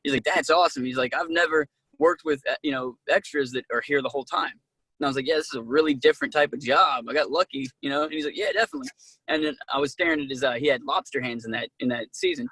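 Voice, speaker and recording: A man being interviewed as an actor, telling casual, animated stories and acting out what people said, with many fillers. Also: mid-range voice, quick pace, husky, no echo. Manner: animated, acts out quoted dialogue, many "like"s. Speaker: actor guest.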